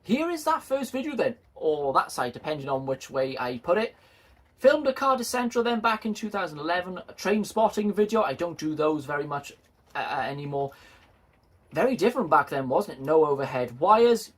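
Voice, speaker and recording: A man's voice: fairly high pitch, expressive, moderate pace. A man chatting casually and jokingly to his video viewers, self-deprecating and friendly. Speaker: model railway YouTuber.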